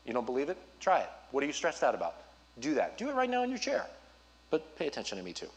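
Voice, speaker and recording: A man preaching as a youth pastor, urging his listeners directly with an earnest, personal manner and quick asides. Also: mid-range voice, wildly swooping pitch. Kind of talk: sermon.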